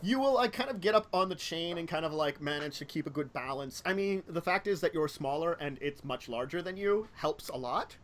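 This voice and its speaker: Guy running a tabletop game, rambly and full of um's and likes, slightly high voice. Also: animated, fairly quick, hardly any pauses, fairly bright tone. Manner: rambling, lots of fillers and self-corrections. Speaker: game master.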